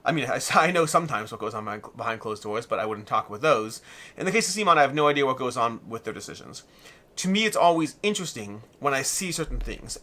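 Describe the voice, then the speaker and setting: A man's voice: mid-range voice, pushed and bright. A man hosting a weekly live Q&A stream, reading viewer comments and thinking aloud in a rambling way, a little out of breath.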